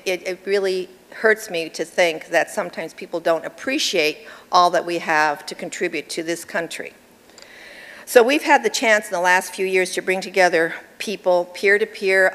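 A woman's voice: fairly low pitch, moderate pace, fairly bright tone. A middle-aged woman giving an award acceptance speech in a personal, chatty way, with laughs between her remarks. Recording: long hall reverb with crowd behind.

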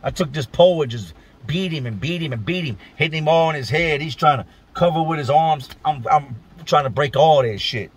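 A man's voice: on the high side, a little fast, husky. A man from Richmond, Virginia, casually telling a true story to his channel in blunt, profane street slang.

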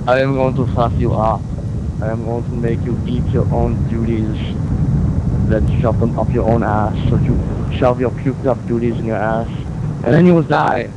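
A man putting on a crude tough-guy voice, making blunt, vulgar threats over loud outdoor noise and wind. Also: medium pitch, steady tone, moderate pace, dull audio, close to an everyday voice. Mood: threatening.

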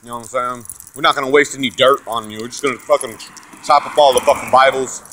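Man, cursing rant, loud then muttering, bright sharp voice. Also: steady tone, quick pace, slight background noise. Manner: aggressive, profane, repetitive ranting; swings between loud shouting and low muttering. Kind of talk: profane religious rant to camera.

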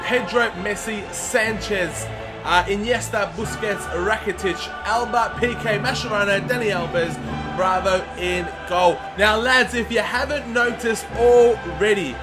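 A young man, a regular on the channel, excitably commentating a football video game, swinging from groans to yells. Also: sits high, measured pace, music in the background. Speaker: gaming commentator.

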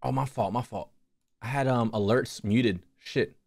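A young man hosts a laid-back drawing livestream, his mid-range voice unhurried, gravelly and darkish. The recording is studio quality with no room sound, and he laughs, swears and talks with his chat while he draws.

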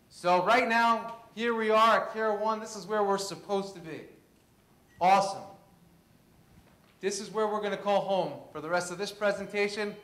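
A man in his thirties from Queens, giving an animated storytelling presentation. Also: sits high, normal speed. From Queens, New York. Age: 30s. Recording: echoey room.

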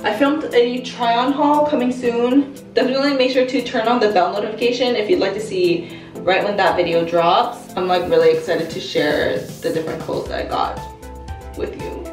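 Young woman vlogger, bright bouncy delivery, a bit high, set back from the mic in a roomy space. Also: fairly even intonation, moderate pace, far from the mic. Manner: bubbly, gushing exclamations. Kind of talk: casual vlog chat. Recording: roomy, off-mic, music behind.

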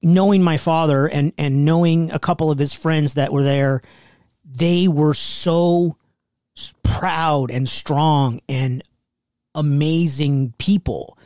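A middle-aged man co-hosts a laid-back podcast chat in a fairly high voice. He is earnest and agreeable, dropping short affirmations between his own stories. The recording is dry and close. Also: steady tone, takes it slowly, a little mellow, dry recording. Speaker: podcast co-host. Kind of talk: casual conversational chat.

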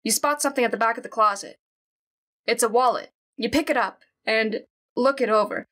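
A woman's voice: a little high, brisk, fairly bright tone. A woman playing a horror game, reading the story aloud and reacting in a chatty, jumpy way. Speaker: let's play gamer. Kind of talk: let's play commentary, reading game text aloud.

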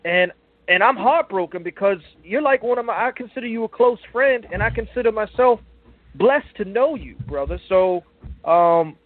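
Emotional high-voiced man on phone line. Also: expressive, normal speed, dry recording. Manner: earnest, stammers and restarts, calls the host brother. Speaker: caller to a call-in show. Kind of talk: heartfelt call-in plea.

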